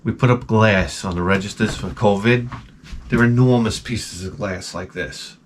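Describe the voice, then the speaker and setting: A man vlogging in a casual, rambling storytelling way, sarcastic and sometimes loudly exasperated. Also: lowish voice, normal speed, a little hiss or hum.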